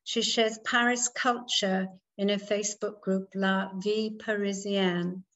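Slow, even-voiced woman host. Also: mid-range voice, dull audio. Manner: formal, measured. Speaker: host introducing the speaker. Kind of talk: read-out introduction.

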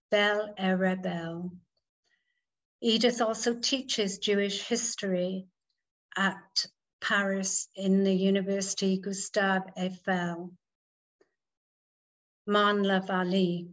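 A woman hosting a ladies' group, reading a formal introduction in a measured way. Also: medium pitch, fairly bright tone, rough recording. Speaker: host introducing the speaker. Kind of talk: read-out introduction.

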